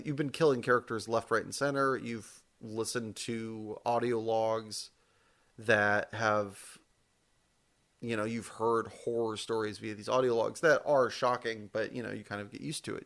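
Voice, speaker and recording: A man talking through ideas on a podcast in relaxed, rambling chat. His voice sits low with a gravelly edge, and he often doubles back to correct himself mid-thought. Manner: rambling, self-correcting, casual swearing. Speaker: podcast co-host. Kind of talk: casual chat.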